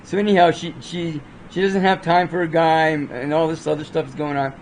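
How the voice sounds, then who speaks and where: Rambling male movie reviewer, slightly higher voice, chatty and unscripted, lots of restarts. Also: flat delivery, a little fast, slight background noise, low-quality recording. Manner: rambling, full of fillers and restarts. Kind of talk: casual spoken movie review.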